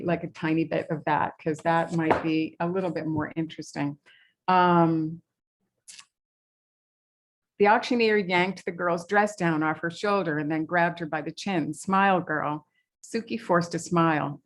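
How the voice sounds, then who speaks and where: A woman from New England reads aloud from her novel at a library talk. Her voice sits on the low side, and she pauses with fillers between passages. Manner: hesitant with fillers between readings. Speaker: author.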